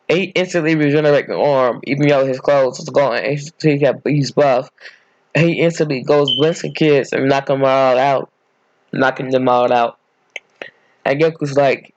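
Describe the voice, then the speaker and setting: A man's voice: medium pitch, steady tone, normal speed, no room sound, muffled recording. Rambling man telling a fan story. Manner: rambling, self-correcting, casual. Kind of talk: improvised fan story narration.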